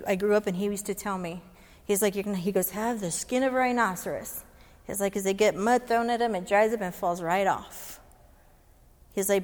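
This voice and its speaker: A woman's voice: medium pitch, a little mellow. A woman police chaplain giving an inspirational talk, telling a story earnestly and acting out the dialogue in it. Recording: long reverb of a large hall.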